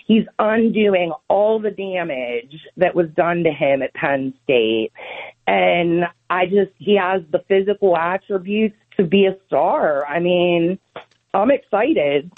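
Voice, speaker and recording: Brief: woman caller, Pittsburgh accent, slow and giggly, thin phone-line sound. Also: lowish voice, expressive. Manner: giggly, upbeat, unhurried. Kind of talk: casual phone-in chat.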